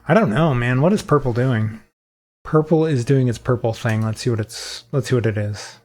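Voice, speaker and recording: A man's voice: medium pitch, normal speed, darkish tone. Man musing aloud over a word puzzle. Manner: thinking aloud, musing, self-questioning. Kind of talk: casual solo gameplay commentary.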